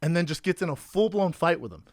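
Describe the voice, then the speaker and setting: A man in his thirties hosting a podcast, telling animated stories and acting out the quotes in a casual chat. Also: fairly high pitch, fast talker, no echo, clean studio sound. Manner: animated storyteller, acts out quotes. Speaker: podcast host.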